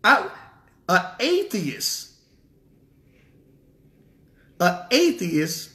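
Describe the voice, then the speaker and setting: A man's voice: a little high, very animated, a little slow, vocal fry, pauses often, a bit bright. A man preaching a sermon in an emphatic style, repeating rhetorical questions. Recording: roomy echo.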